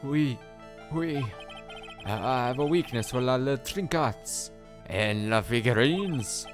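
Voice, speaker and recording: A man's voice: mid-range voice, lively intonation, takes it slowly, faint music behind, voice pushed up. A man putting on an exaggerated French accent to voice a theatrical, evasive French male chef in a game reading. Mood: coy. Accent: put-on French accent.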